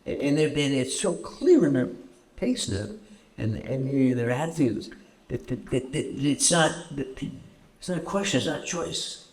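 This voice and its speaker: A man from Canada answering audience questions at a festival screening, halting and repeating words often as he tells stories. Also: medium pitch, big pitch swings, darkish tone. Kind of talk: festival Q&A storytelling. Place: festival stage Q&A.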